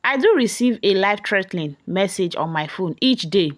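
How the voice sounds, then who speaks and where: A woman's voice: medium pitch, animated, normal speed, close to an everyday voice. A woman voicing a weeping, frightened young house girl. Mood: tearful. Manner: tearful, pleading.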